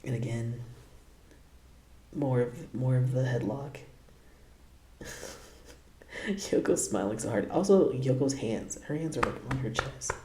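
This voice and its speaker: A man's voice: mid-range voice, takes it slowly, pauses often, mellow, roomy sound, slight background noise. A man hosting a casual reaction video, laughing often and tossing out playful asides.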